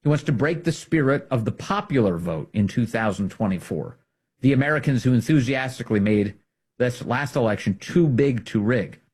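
A middle-aged man delivering an emphatic, combative political commentary monologue, swinging between loud emphasis and hushed asides. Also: mid-range voice, animated, moderate pace, breathy edge.

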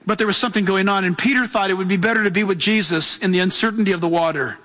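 A man preaching a sermon in a high, bright, forceful voice. He is emphatic and acts out little voices as he goes. The sound carries a long reverb, as in a large church hall. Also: expressive, fast, few pauses. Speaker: pastor.

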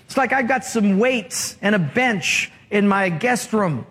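A man's voice: high-pitched, lively intonation, a little slow, a bit bright, breathy edge. A man preaching a sermon as pastor, telling stories with humor and acting out the voices in them. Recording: reverberant hall.

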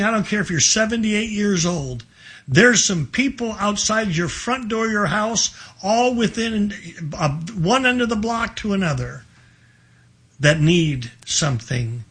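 A man's voice: sits high, fairly bright tone, slightly rough. A man in his sixties hosting a call-in radio ministry, rambling through folksy stories with many restarts. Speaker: radio ministry host taking calls. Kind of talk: call-in radio sermon talk.

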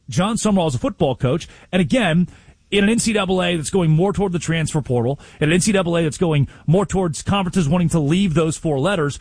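A man's voice: high voice, husky, dry recording. A man co-hosting a casual sports talk show, telling stories and acting out the coaches he quotes, often restarting his sentences. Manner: animated storyteller, acts out quoted coaches.

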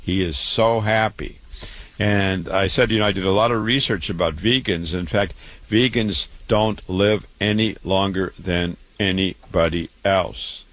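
A man's voice: deep voice, fairly even intonation, a little slow, fairly bright tone, no room sound. A man, a doctor, giving a promotional health talk about his clinic, repeating himself and listing items one after another. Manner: repetitive, listing.

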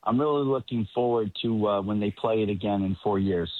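Man, faint Boston accent, low voice, tinny phone-like line, hesitant. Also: brisk, dry recording. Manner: hesitant, reflective, filler-heavy. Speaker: regular guest commentator.

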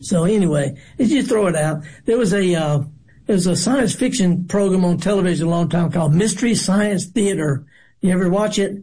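A radio host chatting casually from a studio, rambling in a folksy way and cracking corny jokes. His voice sits fairly high and has a husky, breathy edge. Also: fairly quick, mellow. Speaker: radio gardening show host.

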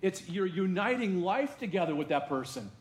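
A male pastor preaching a sermon to his congregation in a lively, conversational way, with asides to the room. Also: high voice, moderate pace, reverberant. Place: church sanctuary.

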